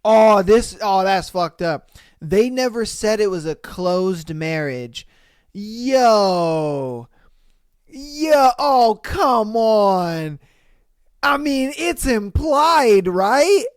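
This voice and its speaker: A man hosting a casual podcast, reacting to listener posts with profane disbelief and loud bursts of laughter. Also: sits high, sing-song, extremely slow, no echo, clean studio sound. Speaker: podcast host.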